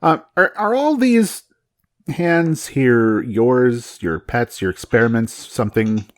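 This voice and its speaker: A man's voice: medium pitch, expressive, slow pace, no room sound. A man playing in a tabletop game, playful and easily amused. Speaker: player.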